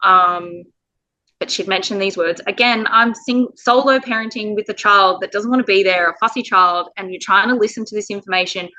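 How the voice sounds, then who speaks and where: A woman's voice: medium pitch, bright, forceful tone, poor audio. A woman from Australia, a parent telling her story in an interview, earnest and emotional with the odd laugh. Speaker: parent guest.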